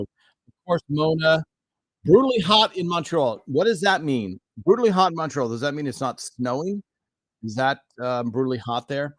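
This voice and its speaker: Male live-stream host, mid-pitched, chatty and upbeat, recorded dry at his desk. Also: a bit bright, no echo. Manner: rambling, enthusiastic, talks to himself between greetings. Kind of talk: live-stream chat greeting viewers.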